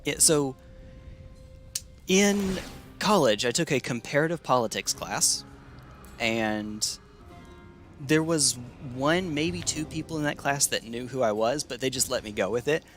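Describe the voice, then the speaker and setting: A man's voice: medium pitch, animated, a little slow, pauses often, a bit bright, faint music behind. A young man from the United States chatting casually with his stream chat while playing a card game, rambling and laughing often.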